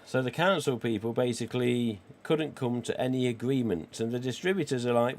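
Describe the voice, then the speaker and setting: Croaky forty-something man. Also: mid-range voice, brisk, hardly any pauses, a little mellow. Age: 40s. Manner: chatty and cheeky, with casual swearing. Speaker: live stream host. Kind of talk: casual livestream chat reading viewer comments.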